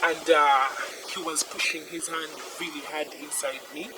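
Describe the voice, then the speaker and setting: A young woman gives a personal testimony, halting and repeating herself, often sinking to a near whisper. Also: low-pitched, steady tone. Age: young adult. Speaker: interviewee. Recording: noisy background hiss.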